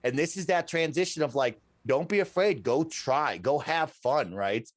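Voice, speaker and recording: A man telling a long personal story as a podcast guest, animated and ending his sentences with "right?". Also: a little high, normal speed, dry recording.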